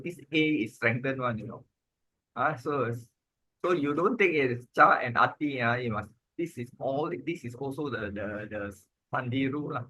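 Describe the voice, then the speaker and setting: A man, teaching Pali grammar in an informal lesson, halting and repeating himself, with many "ah" and "lah" fillers. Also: medium pitch, bright, forceful tone, breathy edge, dry recording, rough recording.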